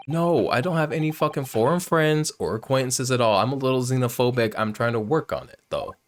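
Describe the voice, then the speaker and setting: A loud man commenting casually on a video game, swearing and joking. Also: medium pitch, expressive, fairly quick, a little hiss or hum. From United States. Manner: loud, profane, joking asides. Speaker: let's play host.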